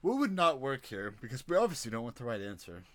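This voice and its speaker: A man doing let's-play commentary over a dating game, crude and joking with an exasperated edge. His pitch swings widely and animatedly, mostly at a middle level. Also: big pitch swings, fast talker, a bit bright. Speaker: gameplay streamer.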